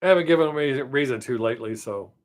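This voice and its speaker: A man's voice: mid-range voice, racing. A man hosting his own live stream, chatting with viewers in a rambling, joking, self-mocking way.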